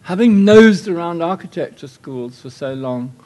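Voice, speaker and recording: Older English guest lecturer, dry wit, digressive anecdotes, slightly high pitch. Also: male voice, lively intonation, normal speed, darkish tone. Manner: wry, anecdotal, rambling asides. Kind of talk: lecture with slides.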